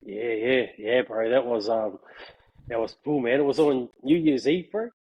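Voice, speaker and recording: A man's voice: mid-range voice, lively intonation, normal speed, slightly rough, dull audio. A man telling a story in casual chat, laughing often and saying "bro" a lot. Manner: laughing, slangy, peppers speech with "bro". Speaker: guest.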